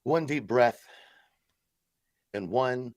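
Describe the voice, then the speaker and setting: A man's voice: medium pitch, extremely slow, darkish tone, no room sound, clean studio sound. A man hosting a live stream, delivering a sarcastic, mock-solemn support-group speech and then chatting casually with viewers.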